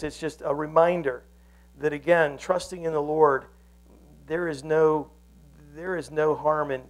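Man preaching in a higher voice. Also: low-quality recording. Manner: earnest storytelling with frequent restarts. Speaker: pastor. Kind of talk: sermon.

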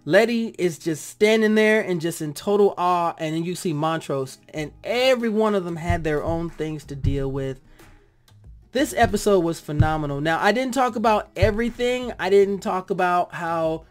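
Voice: mid-range voice, lively intonation, normal speed, faint music behind. A reviewer talking casually and animatedly about a TV episode, acting out their own reactions and drifting into heartfelt tangents.

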